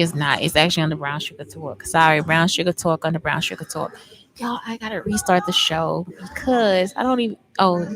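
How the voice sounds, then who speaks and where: A woman hosts a casual livestream podcast, rambling loosely, chatting with her listeners and swearing freely. Her voice sits low and is gravelly yet a bit bright, captured on a rough recording.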